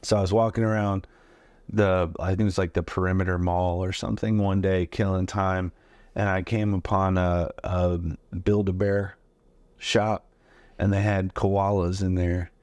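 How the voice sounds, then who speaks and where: A comedian in his forties spins loose, rambling anecdotes, full of "uh" and "like". His voice sits very low, and the sound is close and dry, with no room in it. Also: little pitch movement, moderate pace, darkish tone, dry recording. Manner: loose, rambling, many fillers. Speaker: guest comedian. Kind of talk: casual storytelling.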